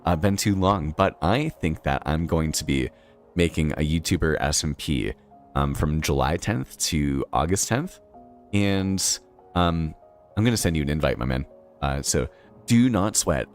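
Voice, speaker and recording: Man, Boston accent, very low voice, lively swinging delivery, rambling live-stream chat, faint guitar music behind. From Boston, Massachusetts. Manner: rambling, chatty, many fillers, laughs often. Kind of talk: casual live-stream chat while playing.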